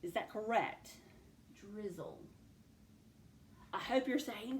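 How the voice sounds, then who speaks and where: A woman teacher giving a phonics lesson, talking students through each step clearly and addressing them directly. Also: fairly high pitch, expressive, slow, pauses often, fairly bright tone. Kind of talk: recorded classroom phonics lesson. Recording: roomy echo.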